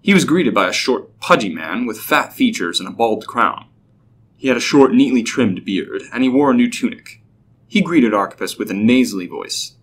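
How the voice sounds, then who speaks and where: A man narrating a scripted story in a steady, even way. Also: mid-range voice, moderate pace, slight background noise.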